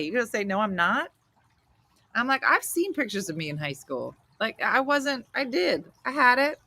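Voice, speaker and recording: A woman in her fifties with a New Jersey accent, hosting a casual chat show and telling stories in a loud, animated way. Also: on the high side, moderate pace, no echo. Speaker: host.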